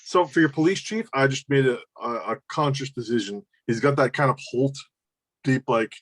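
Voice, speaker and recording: A man preparing a tabletop game as game master, talking casually and halting as he thinks aloud. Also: medium pitch. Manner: halting, repeats words while thinking. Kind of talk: casual game prep chat.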